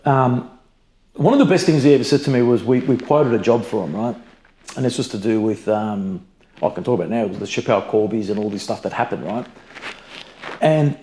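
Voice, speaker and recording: A man's voice: medium pitch, echoey room. A middle-aged Australian man, a business founder, telling stories bluntly in a casual interview, swearing freely and saying "mate" a lot. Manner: blunt, animated, swears freely, peppers with "mate" and "you know".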